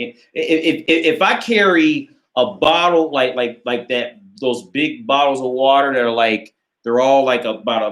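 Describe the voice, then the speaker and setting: A man's voice: medium pitch, fairly bright tone. Man, casual live q&a host, rambling, swears a lot, lots of "like", echoey room. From United States. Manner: rambling, profane, heavy "like" filler. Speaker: dating advice channel host. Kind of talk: casual live Q&A, reading viewer questions.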